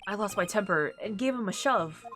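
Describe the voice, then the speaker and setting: A woman's voice: medium pitch, lively intonation, fairly quick, fairly bright tone, faint music behind, natural voice. A woman voicing a nervous young man on trial in a courtroom video game, hesitant and stammering as he confesses.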